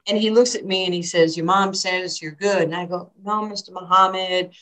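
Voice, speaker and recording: An older woman tells stories in an interview, acting out what people said. Her voice sits a little low for a woman. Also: fairly quick, low-quality recording. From New York. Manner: animated storyteller, acts out quotes. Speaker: basketball coach. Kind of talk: storytelling interview.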